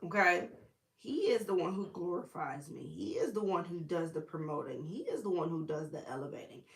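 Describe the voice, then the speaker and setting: Woman, preacher, casual bible teaching, sassy, slightly low voice, echoey room. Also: moderate pace. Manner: chatty, animated, sassy asides.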